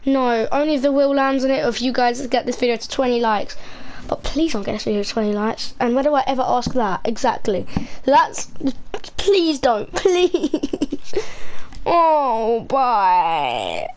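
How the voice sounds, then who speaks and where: A woman with a slightly high voice talks through a horror game in a jittery way. Her lines tumble out in short, repeated bursts whenever the game frightens her. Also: fairly even intonation, brisk, darkish tone, low-quality recording. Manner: jittery, repeating itself when scared. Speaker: gamer. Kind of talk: horror game let's-play commentary.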